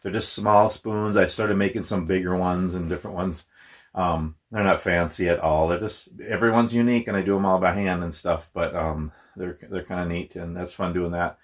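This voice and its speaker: A man's voice: low-pitched, fairly even intonation, moderate pace. A middle-aged man from Minnesota talking in a casual, rambling vlog, self-deprecating and laughing often. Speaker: YouTuber.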